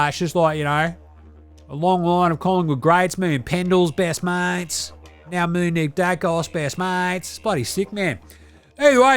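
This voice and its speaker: A man's voice: high voice, a bit bright, smooth. A man putting on a rowdy, swearing Aussie bloke dad. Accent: Australian. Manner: swearing, slangy, boisterous.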